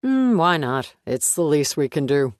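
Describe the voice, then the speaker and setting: A man's voice: fairly high pitch, very animated, unhurried, dry recording, studio quality. A man voicing a persuasive, needling FBI boss with a coaxing, slightly raised tone.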